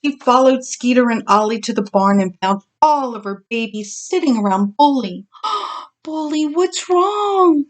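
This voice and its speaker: A woman reading a children's storybook aloud as narrator, in an expressive, animated way. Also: a little high, normal speed, hardly any pauses.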